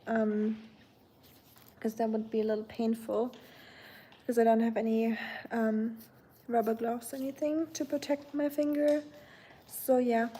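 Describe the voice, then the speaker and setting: A woman's voice: a little high, dark tone. A young woman casually chatting with viewers on a home live stream, rambling with fillers and correcting herself as she talks. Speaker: livestream host.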